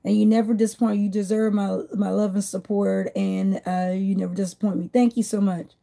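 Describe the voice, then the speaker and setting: A woman's voice: medium pitch, little pitch movement, fairly quick, creaky, dark tone. A woman vlogger chatting casually and rambling while she does her nails. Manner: chatty, rambling, laughs often. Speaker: nail vlogger.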